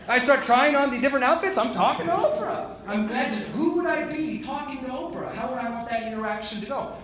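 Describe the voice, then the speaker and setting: A man giving a live motivational keynote in a large conference hall, telling a story in an animated, emphatic way with self-deprecating humor. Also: extremely high pitch, fast, hardly any pauses, a crowd in the background, noisy background. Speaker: motivational speaker. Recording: echoey hall, distant mic, audible room ambience.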